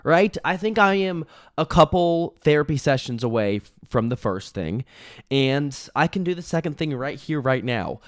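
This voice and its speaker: A young man doing a rambling comic monologue, deadpan and self-pitying, sometimes cracking up at himself. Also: a little high, normal speed, no echo, clean studio sound. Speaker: comedian.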